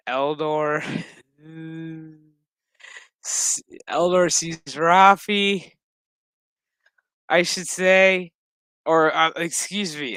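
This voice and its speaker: Slow, bright-voiced man recapping casually. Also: on the high side, clear, resonant tone, no echo. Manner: loose, profane, rambling with fillers. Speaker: TV episode reviewer.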